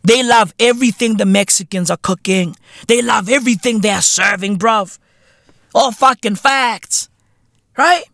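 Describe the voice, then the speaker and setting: A man hosting a podcast, delivering a profane, slang-heavy comedic rant that keeps bursting into shouts. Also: sits high, a little slow, creaky, no room sound, studio quality. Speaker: podcast host.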